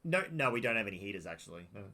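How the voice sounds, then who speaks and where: A man's voice: on the low side, sing-song, very fast, bright, forceful tone. An Australian man chatting casually with his viewers while streaming a game from home, greeting people by name. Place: home room.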